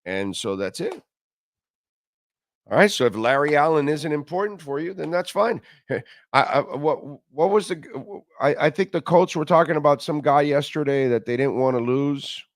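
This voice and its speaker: A man's voice: fairly high pitch, moderate pace, dry recording, studio quality. A man hosting a sports radio show, talking football in a blunt, profane, rambling way and reading sponsor ads. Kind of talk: casual sports talk and live ad reads.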